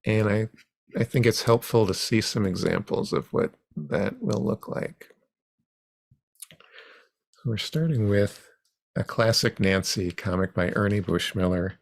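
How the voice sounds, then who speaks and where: A man guides an online comics class over a video call at an unhurried, halting pace. His voice sits low with a gravelly edge. The sound is close and dry. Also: no echo. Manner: unhurried, halting with frequent ums. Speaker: comics workshop instructor. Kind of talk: teaching an online workshop.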